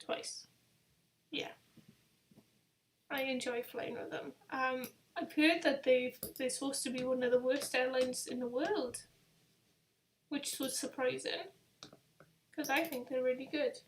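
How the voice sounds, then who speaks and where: High-voiced chatty woman hosting a quiz. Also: steady tone, measured pace, long pauses, slight background noise. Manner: chatty, rambling, self-deprecating. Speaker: travel vlogger hosting a live quiz. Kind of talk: casual live-stream chat.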